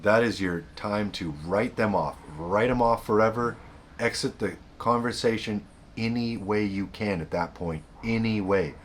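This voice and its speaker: A man's voice: fairly low pitch, a little slow, a little hiss or hum. A man hosting a self-help video, giving blunt, repetitive, emphatic advice in a casual monologue.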